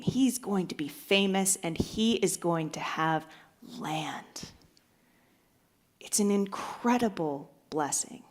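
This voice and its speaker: A woman pastor giving a sermon, telling a joke with acted-out voices and then preaching. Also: on the low side. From United States. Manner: storytelling, acts out voices in a joke.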